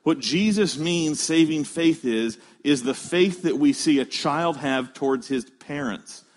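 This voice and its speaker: A man preaching a sermon, emphatic, slowing down to stress key words and explaining a scripture passage he reads aloud. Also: fairly high pitch. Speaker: pastor.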